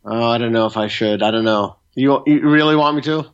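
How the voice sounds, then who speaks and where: A man's voice: medium pitch, brisk, smooth, dull audio. A man from the United States, a guest on a podcast, joking and laughing easily in casual chat over a video call. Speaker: guest, academic.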